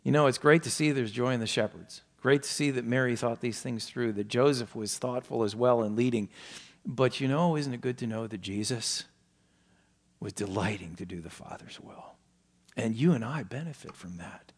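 Man preaching a storytelling sermon. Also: moderate pace. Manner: storytelling preacher, emphatic rises and soft low passages. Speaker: pastor.

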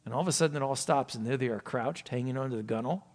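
A male pastor preaching a sermon, asking rhetorical questions and swinging from loud emphasis down to hushed, low asides. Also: rapid-fire. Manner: asks many rhetorical questions.

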